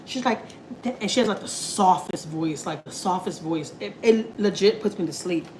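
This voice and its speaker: A woman's voice: on the low side, normal speed, noisy background. Chatty Texan woman cooking on camera. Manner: chatty, slangy, laughing asides. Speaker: family vlogger. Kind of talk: casual live cooking chat. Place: home kitchen.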